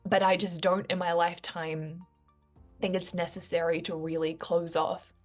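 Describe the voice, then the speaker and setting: Earnest woman musing over soft music. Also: fairly low pitch, level tone, moderate pace. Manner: earnest, reflective, many fillers like "like". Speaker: vlogger. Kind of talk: heartfelt personal talk to camera.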